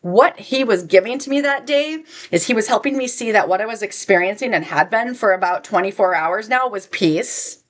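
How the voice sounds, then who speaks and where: A woman's voice: mid-range voice, animated, normal speed, hardly any pauses. Heartfelt woman sharing a spiritual story. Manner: earnest and heartfelt, drawing out key words; rambling, with restarts and soft laughs. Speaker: spiritual wellness vlogger. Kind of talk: personal storytelling to camera.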